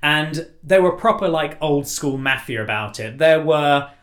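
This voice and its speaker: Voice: mid-range voice, animated, measured pace, fairly bright tone. A podcast host, telling a history story in a casual, chatty way with fillers and laughs. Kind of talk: casual chat.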